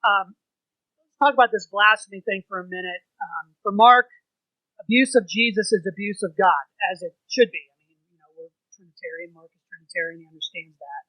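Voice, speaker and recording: A man's voice: high voice, a little fast, pushed and bright, no echo, poor audio. A man leading an informal church Bible study, talking conversationally and putting questions to the group.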